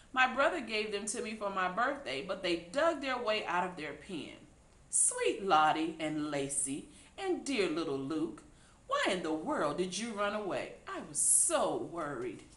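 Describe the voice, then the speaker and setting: A woman's voice: medium pitch, big pitch swings, unhurried, a bit bright, echoey room. A woman voicing a flustered, fussing neighbor lady in a read-aloud storybook, exclaiming in relief.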